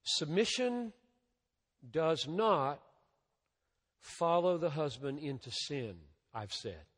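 A male pastor preaching a sermon in a large church, his fairly high voice carrying a long hall reverb. He speaks slowly and deliberately, swelling loud on key words and dropping soft after them. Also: lively intonation. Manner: emphatic rises and drops in loudness, slow deliberate delivery.

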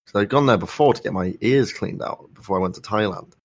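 A young man with a sore throat, speaking softly while telling a rambling, wry story in a casual podcast chat. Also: fairly low pitch, fast talker, no room sound. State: sore throat, soft-spoken. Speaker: podcast co-host.

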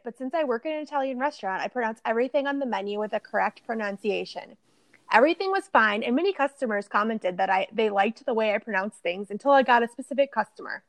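A woman co-hosting a chatty podcast, reading posts aloud in a lively way. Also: a little high, creaky, no room sound.

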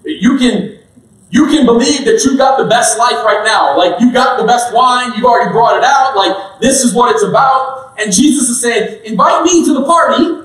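A high-voiced man preaching a casual sermon in a chatty, joking way, full of fillers and asides to the listeners. His voice rings in a roomy church hall and sounds a bit distant from the mic. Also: moderate pace, a bit bright. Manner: chatty, joking, lots of "like" and "all right?".

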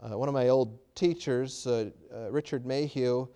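Preacher man with a smooth voice. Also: mid-range voice, fairly even intonation, moderate pace. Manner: dramatic retelling with sudden loud emphatic peaks; hesitant restarts and fillers. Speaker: pastor. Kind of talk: sermon.

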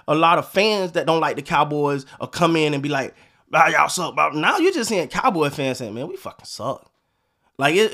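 Fed-up profane sports podcaster, high voice. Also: male voice, fairly bright tone. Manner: frustrated, profane, repetitive. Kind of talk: casual sports rant.

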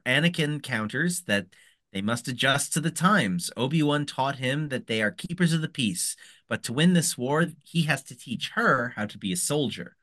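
A man co-hosting a podcast, recapping an episode in excitable, rambling casual chat. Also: a little high. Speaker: podcast co-host.

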